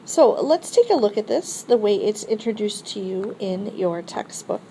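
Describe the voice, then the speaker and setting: A woman's voice: mid-range voice, animated, moderate pace, warm tone, a little hiss or hum, rough recording. A woman teacher explaining a French grammar lesson step by step and modeling phrases for students to repeat. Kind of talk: recorded classroom lesson.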